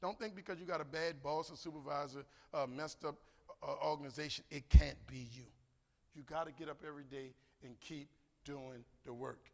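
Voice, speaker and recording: A man's voice: on the high side, a little fast. A man giving a motivational keynote, telling stories and acting out both sides of a conversation. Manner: animated, preacherly, acts out both sides of a dialogue. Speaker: keynote speaker. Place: large conference hall. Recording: echoey hall with long reverb.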